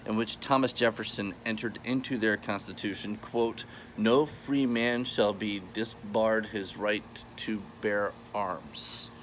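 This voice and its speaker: Brief: low-pitched American male host, conversational lecture, rambling and self-correcting, light hiss behind. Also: a bit bright. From United States. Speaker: history channel host. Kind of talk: casual explainer monologue.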